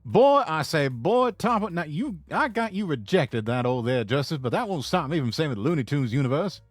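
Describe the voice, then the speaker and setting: A man doing a pompous, loud old cartoon rooster in a put-on Southern drawl, stammering "I say, boy" as he lectures. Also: fairly high pitch, big pitch swings, moderate pace, dry recording, faint music behind. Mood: lecturing. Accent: American Southern (put on).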